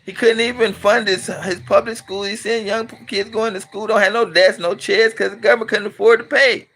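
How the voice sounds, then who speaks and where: A middle-aged man from California delivers a blunt, emphatic monologue in loose, colloquial speech. His voice sits high for a man and rings bright and forceful. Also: fairly even intonation, fairly quick. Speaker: channel host and commentator. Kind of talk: casual opinionated monologue.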